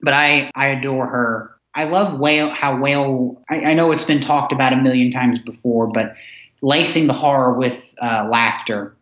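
A man's voice: medium pitch, fairly even intonation, moderate pace, a bit bright. Man on a roomy, dull-sounding line. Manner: enthusiastic, rambling with restarts. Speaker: podcast guest. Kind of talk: casual chat.

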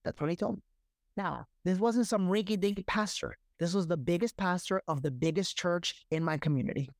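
A man's voice: high-pitched, moderate pace, no room sound. Brief: male guest, emphatic storyteller, dry close sound. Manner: emphatic, repeats words, frequent "right?" and "you know". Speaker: guest, life coach. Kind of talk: animated personal storytelling.

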